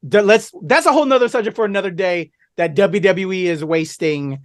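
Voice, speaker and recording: A man hosting a casual podcast, with a voice that sits high. He talks in a laid-back, rambling way and keeps moving the conversation along. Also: fairly quick. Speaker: podcast host. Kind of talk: casual chat.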